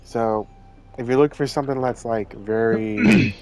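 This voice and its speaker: A man joining a casual movie chat as a guest, talking in quick bursts and swearing casually. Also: mid-range voice, animated, gravelly.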